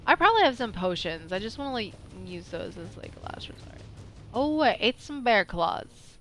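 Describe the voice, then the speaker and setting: A woman streaming a video game, chatting excitably and talking back to what happens on screen. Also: on the high side, moderate pace. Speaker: gameplay streamer. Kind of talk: live let's-play commentary.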